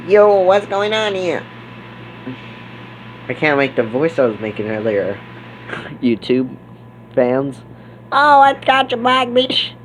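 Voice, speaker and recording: A man's voice: medium pitch, unhurried, pauses often, slight background noise. Rowdy, cursing man in game role-play. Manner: rowdy, swearing, excitable outbursts. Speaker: gamer playing a character.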